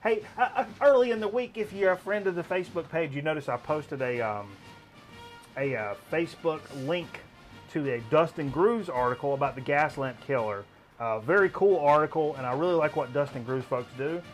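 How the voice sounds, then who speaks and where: A man's voice: a little high, expressive, brisk, faint music behind. Rambling man hosting a vinyl chat. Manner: rambling, lots of ums and restarts. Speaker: host. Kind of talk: casual chat.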